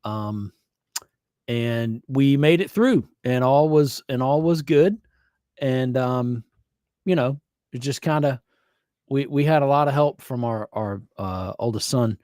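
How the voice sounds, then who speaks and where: A middle-aged man chats casually on his live stream from a home recording studio, easygoing and rambling, often trailing off into fillers. His voice sits at an ordinary pitch and sounds close and dry, with no room echo. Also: slow, darkish tone. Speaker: host of a live music stream.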